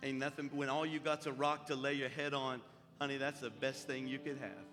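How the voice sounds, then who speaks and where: A man's voice: medium pitch, fairly even intonation, fairly quick, fairly bright tone. Fervent folksy man preaching over music. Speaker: pastor. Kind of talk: sermon. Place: church sanctuary. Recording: long reverb with music behind.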